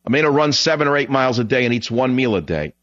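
A man's voice: mid-range voice, animated, fast talker, a bit bright, dry recording. A man hosting a talk radio show, delivering an angry, ranting monologue full of rhetorical questions, his voice strained. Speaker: radio talk show host taking calls. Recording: dull, dry broadcast audio.

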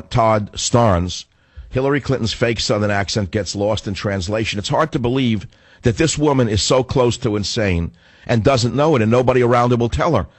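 A man's voice: mid-range voice, no room sound. A male radio host who is getting over the flu and has a cough, delivering a combative, sarcastic talk radio monologue. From northern United States. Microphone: studio microphone.

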